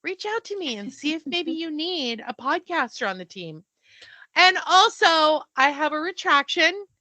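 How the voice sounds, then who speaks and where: This fifties-aged podcast co-host chats with animation and casual swearing. She sits high in pitch with big swings, speaking at a moderate pace in a pushed, bright tone, and there's no echo.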